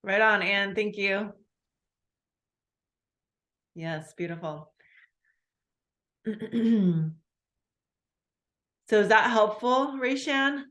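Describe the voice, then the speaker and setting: A woman's voice: mid-range voice, extremely slow, long pauses, fairly bright tone, roomy sound. A woman running a group call, speaking in an encouraging way.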